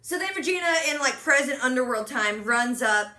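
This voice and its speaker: A young woman in casual chat, animatedly retelling a TV episode and slipping into quick quoted voices for the characters. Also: fairly high pitch, animated, bright, forceful tone, reverberant. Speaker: podcast co-host recapping a TV episode.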